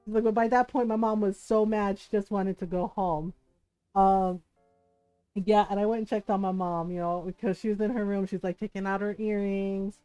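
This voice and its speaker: A woman streamer telling a story in casual chat, animated, laughing often and saying "like" and "right?" a lot. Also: medium pitch, moderate pace, clean tone, lo-fi sound, soft background music.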